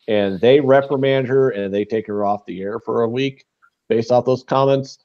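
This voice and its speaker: A man's voice: mid-range voice, measured pace, dark tone, highs cut off. A man co-hosting a podcast, talking bluntly and rambling, with frequent swearing and restarts. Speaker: podcast co-host. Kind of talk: casual chat.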